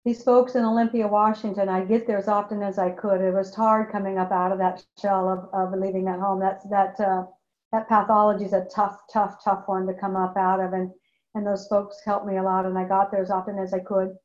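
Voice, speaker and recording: This woman's mid-range voice is a little mellow and barely moves in pitch as she speaks briskly. She recounts her recovery with emotion and candor, repeating phrases often to stress them. The room recording is echoey, dull and lo-fi.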